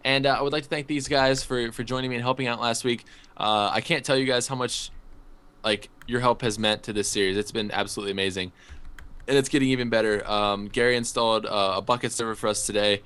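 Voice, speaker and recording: Young male host, casual chat, quick delivery, mid-pitched, loose and rambling. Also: steady tone, fairly bright tone, clear, resonant tone. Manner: rambling, friendly, thanks viewers. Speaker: series host. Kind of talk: casual behind-the-scenes chat.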